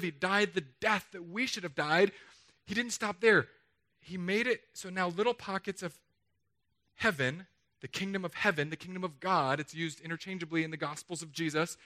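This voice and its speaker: A man preaching a sermon in a chapel, emphatic and energetic, swinging between loud declarations and quiet asides. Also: sits high. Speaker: pastor.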